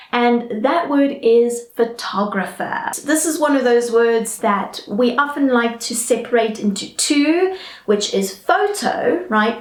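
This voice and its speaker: A woman with a British English accent teaching English pronunciation in a chatty way, often checking in with "all right?" and slowly modelling each word. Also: a little high, echoey room. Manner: slow, careful model pronunciations. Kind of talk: online English lesson.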